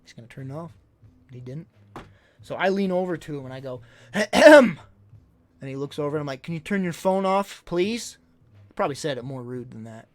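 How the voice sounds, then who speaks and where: A man streaming live, casually telling stories to his chat and acting out what people said. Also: on the high side. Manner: animated, acts out quotes loudly. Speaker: livestreamer.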